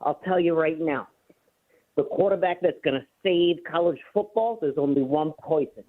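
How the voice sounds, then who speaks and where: Caller: brash man with a New York accent, fairly high voice, tinny phone line. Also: normal speed, a little hiss or hum. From the Bronx, New York. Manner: brash, mocking trash talk. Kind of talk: call-in sports radio chat.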